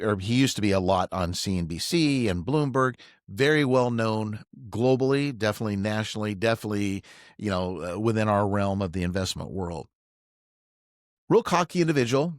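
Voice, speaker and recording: A man's voice: medium pitch, dry recording, studio quality. A middle-aged man and financial advisor tells a personal story in casual conversation, acting out the dialogue as he goes. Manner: animated, acts out quoted dialogue. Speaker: financial advisor, podcast guest.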